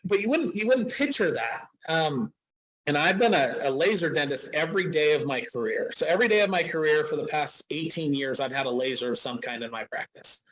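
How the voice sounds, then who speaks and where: A man's voice: a little high, expressive, brisk, a bit bright, rough recording. A man in his forties from Utah, a dentist guest telling a chatty, anecdotal story in a casual interview, with frequent restarts. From Utah, USA.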